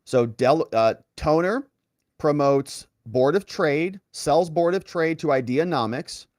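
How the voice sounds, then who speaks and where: A man's voice: a little high, animated, takes it slowly, a little mellow, dry recording, clean studio sound. A man hosting online political commentary, walking through documents with sarcastic, incredulous asides. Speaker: legal commentary host.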